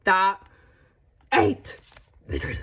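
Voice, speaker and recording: A woman's voice: slow pace, a bit bright, poor audio. A young woman from Australia narrating a casual travel vlog, chatty and jokey, talking straight to her viewers. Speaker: vlogger.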